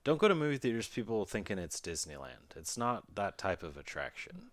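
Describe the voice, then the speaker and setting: A man's voice: lowish voice, big pitch swings, a little fast, no echo. A man co-hosting a podcast, mostly chiming in with short agreements and blunt opinions. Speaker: podcast co-host. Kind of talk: casual podcast chat.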